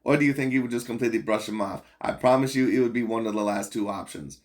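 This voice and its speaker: A man's voice: mid-range voice, fast talker, darkish tone. A man hosting a boxing commentary channel, talking bluntly and profanely in a rambling, casual rant full of fillers.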